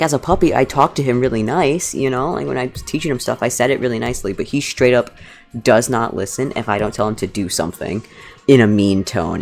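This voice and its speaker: A woman's voice: a bass voice, a little mellow. A woman streaming from her living room couch, chatting casually and rambling as she embroiders, swearing now and then. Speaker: streamer making fursuit badges. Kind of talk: casual live-stream chat.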